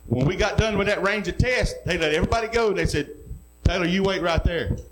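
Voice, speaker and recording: Middle-aged pastor, fairly high voice, folksy sermon delivery, faint hum on the recording. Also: male voice, fast talker, poor audio. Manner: folksy storytelling, building to loud preaching.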